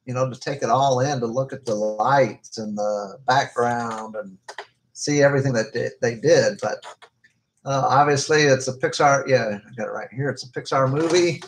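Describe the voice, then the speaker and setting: A man co-hosting a podcast, reviewing movies in a casual, hesitant way with lots of filler pauses. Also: mid-range voice, a little hiss or hum, rough recording.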